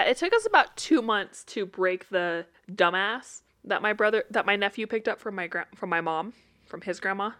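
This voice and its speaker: A woman's voice: on the low side, a bit bright. A young woman co-hosting a casual podcast, telling funny family stories and laughing often. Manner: laughs often, chatty storytelling. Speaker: podcast co-host. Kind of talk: casual chat.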